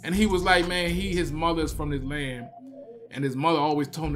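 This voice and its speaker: A man's voice: fairly high pitch, steady tone, brisk, a bit bright, soft background music. A man giving a casual spoken movie review. He retells the scenes with emotion and animation, full of slang and a repeated "man".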